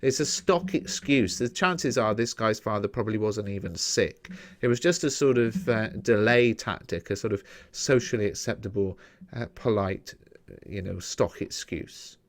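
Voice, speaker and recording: A man's voice: on the low side, moderate pace. A man with an English accent teaching a Bible study lesson in a conversational, explanatory way, often checking in with "okay?".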